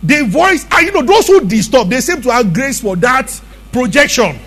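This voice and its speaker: A man's voice: very high voice, big pitch swings, normal speed, fairly bright tone. A man preaching a sermon as pastor, emphatic and conversational, often asking the congregation questions.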